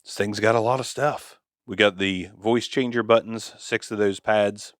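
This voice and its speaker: Thinking out loud with some hesitation, this man casually reviews an audio device from his home studio, speaking into a studio XLR mic on a boom arm. The recording is dry, and his voice sits on the low side with fairly even intonation at a normal speed.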